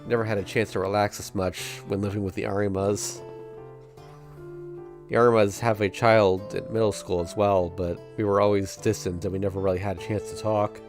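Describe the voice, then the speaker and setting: A man streaming, reading a visual novel aloud in steady first-person narration and breaking off now and then with chuckling asides. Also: lowish voice, moderate pace, music in the background.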